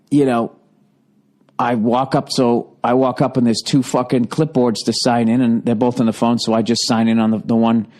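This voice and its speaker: A man's voice: medium pitch, a little mellow. A man with a Boston accent telling a profane, exasperated comedic story as a podcast host, acting out the other people in it. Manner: profane, exasperated, mimics others in quoted dialogue.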